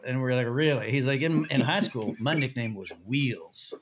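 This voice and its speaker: A man's voice: medium pitch, moderate pace, hardly any pauses, slight background noise. A man on a podcast, telling a story with lots of swearing and acting out the voices of the people in it. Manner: animated, swearing, acts out quoted voices. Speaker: podcast guest. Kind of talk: casual storytelling.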